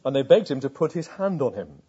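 A man preaching a sermon, retelling scripture with earnest rhetorical questions and dropping to a hush at tender moments. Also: medium pitch, very animated, brisk, breathy edge. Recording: dull lo-fi sound.

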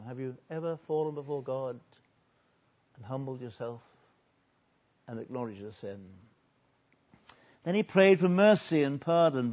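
A man preaching a sermon earnestly, building loud on repeated lists and then dropping low and quiet. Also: expressive, a little slow, pauses often, muffled recording.

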